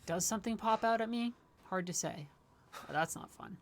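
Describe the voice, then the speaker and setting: A woman's voice: mid-range voice, moderate pace, slight background noise. A woman livestreaming a game, giving chatty, wry commentary with rambling asides. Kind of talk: casual gameplay commentary.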